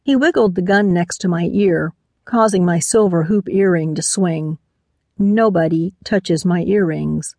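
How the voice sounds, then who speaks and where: A woman's voice: on the low side, a little slow, a little mellow, no echo. A woman narrating a first-person mystery audiobook, lending voices to the characters.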